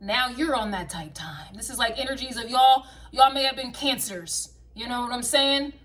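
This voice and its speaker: A woman's voice: on the high side, moderate pace, fairly bright tone. Blunt, profane woman giving a tarot reading. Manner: blunt, profane, sing-song repetitive chanting. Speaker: tarot and astrology reader. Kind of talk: casual collective tarot reading.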